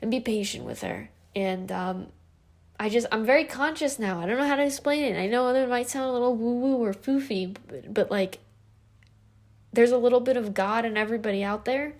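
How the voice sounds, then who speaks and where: A young woman in her twenties speaks straight to her camera in a loose, reflective vlog. Her delivery is earnest and meandering, full of "like" and "you know" and false starts. Her pitch sits in a middle range for a woman. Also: darkish tone. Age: 20s. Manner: earnest, rambling with many fillers and restarts. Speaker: vlogger. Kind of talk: casual reflective vlog monologue.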